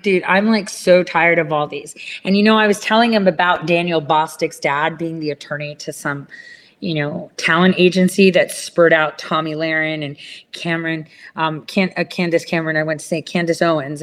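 A woman rants in a casual chat, rambling and cursing, and her voice goes higher whenever she imitates other people.

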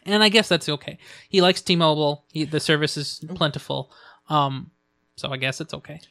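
A man with a fairly high voice chats casually as a podcast co-host, trailing off and filling gaps with ums and quick mm-hmms. The sound is dry and close, with no room echo. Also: vocal fry, fairly bright tone. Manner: chatty, trailing fillers, frequent mm-hmms. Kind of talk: casual chat.

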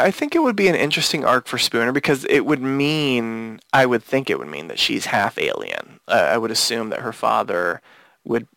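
Man, podcast host, gravelly, dry close sound, rambling, casual chat. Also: lowish voice, a bit bright, no echo. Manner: rambling, frequent restarts and fillers.

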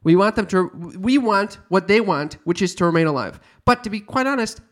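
A man co-hosting a casual podcast, rambling and musing aloud with halting restarts. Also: sits high, animated. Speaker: podcast co-host.

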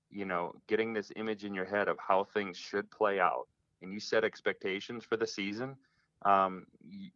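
Man, very low voice, forceful tone, earnest, reflective, dull phone-line sound. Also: dry recording. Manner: earnest, reflective, frequent restarts. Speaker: hunting guest. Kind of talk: casual interview talk. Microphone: phone call.

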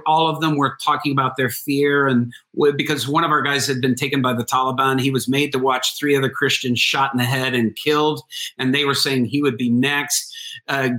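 A man's voice: medium pitch, bright, forceful tone. A man who is a missionary and guest on a podcast, telling stories earnestly, with fervor and frequent fillers. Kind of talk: casual interview storytelling.

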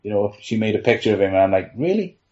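A man's voice: fairly low pitch, flat delivery, very fast, a little mellow, dull audio. A man, a team trainer, rambling through anecdotes in casual panel chat, with frequent laughs and "you know". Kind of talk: casual storytelling on a podcast panel.

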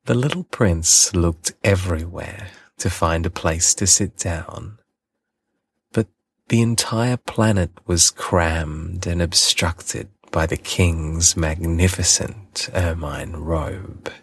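Deep, slow male storyteller. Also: slightly rough, no echo, studio quality. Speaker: audiobook reader. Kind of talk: storybook reading.

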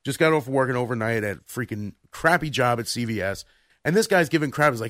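A man's voice: mid-range voice, expressive, quick pace, fairly bright tone, no room sound, clean studio sound. A young man on a casual podcast, telling rambling anecdotes and acting out the voices of people in them. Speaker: podcast co-host. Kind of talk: casual storytelling chat.

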